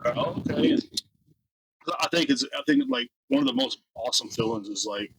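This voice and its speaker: A man's voice: on the high side, brisk, gravelly, a little hiss or hum, low-quality recording. A young man co-hosting a podcast outdoors, chatting casually and rambling into stories. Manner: rambling storyteller, animated when retelling. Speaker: podcast co-host. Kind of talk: casual chat.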